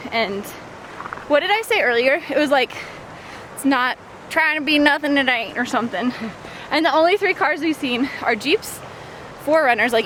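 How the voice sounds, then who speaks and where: A chatty, rambling woman in her late twenties with a bright, high voice talks casually to a handheld camera. She is outdoors at a campsite, and steady outdoor noise sits clearly under her voice throughout. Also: rough recording. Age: late 20s. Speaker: vlogger. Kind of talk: casual vlog chat.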